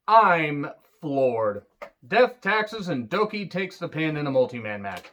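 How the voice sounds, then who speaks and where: Excitable man reviewing wrestling. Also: a little high, normal speed, highs cut off. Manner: excitable, swears freely, rambling asides. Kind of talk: casual solo review.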